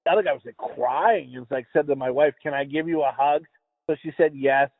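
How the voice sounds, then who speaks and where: Rambling high-voiced man, tinny dry sound. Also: a little fast, vocal fry, no room sound. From US East Coast. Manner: rambling, profane, stumbling over words. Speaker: podcast co-host. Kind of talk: casual podcast chat.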